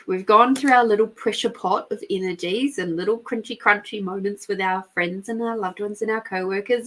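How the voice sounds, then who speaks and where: A middle-aged woman hosting a live spiritual reading podcast, talking frankly, swearing freely and laughing often. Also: medium pitch. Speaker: intuitive reader and podcast host. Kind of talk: casual spiritual guidance talk.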